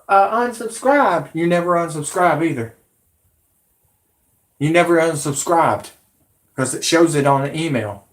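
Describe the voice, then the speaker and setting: A man in his forties with a drawl rants at his audience in a combative, profanity-laced monologue. His voice sits somewhat high for a man. He sounds like a channel host talking straight to camera. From Alabama, USA. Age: 40s. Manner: profane, combative, shouting at viewers. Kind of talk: angry ranting monologue.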